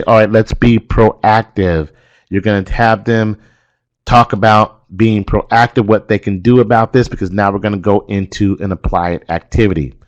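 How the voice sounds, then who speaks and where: Male trainer, lowish voice, methodical slide-by-slide coaching of instructors, leans on "okay" and "again". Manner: directive, walks through slides step by step; stresses key points, repeats phrases like "okay" and "again".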